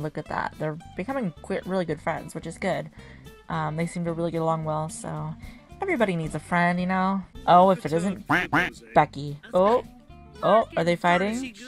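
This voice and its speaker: A woman hosting a video game channel, giving chatty, casual let's-play commentary and giggling often. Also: deep voice. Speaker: gaming channel host. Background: faint game music.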